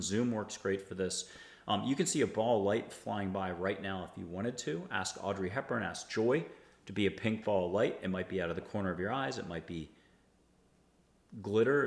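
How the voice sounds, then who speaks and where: Lowish-voiced american guy rambling on about spirit stuff, echoey room over a video call. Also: vocal fry. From United States. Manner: rambling and enthusiastic, guiding listeners through exercises. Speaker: host. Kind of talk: casual spiritual talk.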